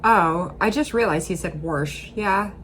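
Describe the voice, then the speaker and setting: A woman's voice: low-pitched, normal speed, over music. A woman with a Midwestern accent, chatting casually as she reacts to a video, rambling and dropping frequent fillers. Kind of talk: casual commentary.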